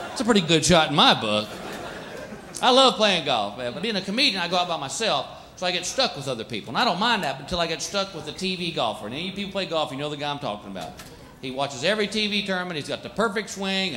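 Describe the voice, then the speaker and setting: A man's voice: a little high, a little hiss or hum. A man performing a stand-up comedy routine, telling stories and acting out the people in them. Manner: animated storytelling, acts out characters, frequent laughter from crowd.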